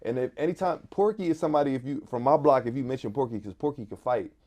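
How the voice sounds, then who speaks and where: A man's voice: mid-range voice, fast talker, a little mellow. A man from West Philadelphia with a Philadelphia accent, telling stories in a casual interview as a guest, laid-back and full of "like" fillers. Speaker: guest, artist and DJ.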